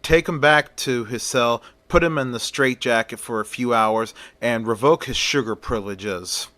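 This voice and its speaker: A man's voice: mid-range voice, normal speed, sharp tone, lightly acted. A man voicing a stern male asylum doctor who talks firmly and plainly.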